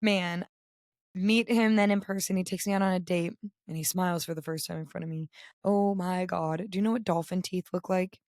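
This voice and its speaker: A young woman with a raspy voice co-hosting a podcast, chatting candidly and telling stories with animation. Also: lowish voice, fairly even intonation, a little fast, darkish tone, no echo, clean studio sound. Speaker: podcast co-host. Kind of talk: casual chat.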